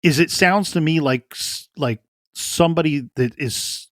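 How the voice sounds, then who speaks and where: At a measured pace and with a fairly high, slightly bright voice, a man co-hosts a true crime podcast. He discusses a case earnestly, frequently repeating words as he thinks aloud, and the clean studio sound has no echo.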